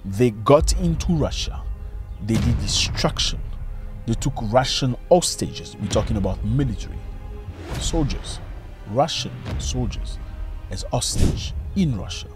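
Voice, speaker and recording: A man's voice: animated, measured pace, over music. Emphatic man giving opinion commentary. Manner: emphatic, asks rhetorical questions, swings pitch widely. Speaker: video commentator. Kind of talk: opinion commentary on current events.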